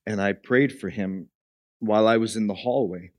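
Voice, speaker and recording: A man preaching a sermon, moving from quiet storytelling into an impassioned climax. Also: on the low side, moderate pace, dry recording. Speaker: pastor.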